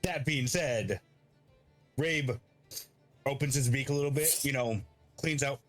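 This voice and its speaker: A man's voice: medium pitch, measured pace, a bit bright, soft background music. Rambling, joking man at a game table. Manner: rambling, joking, laughs along. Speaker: player. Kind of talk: in-character tabletop play.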